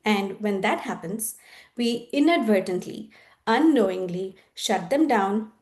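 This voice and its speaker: A woman's voice: medium pitch, lively intonation, unhurried, a little mellow. A woman presenting a parenting workshop, speaking in an engaging way, asking rhetorical questions and acting out what parents and children say. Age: adult. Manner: acts out parents' and children's voices. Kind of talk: educational presentation.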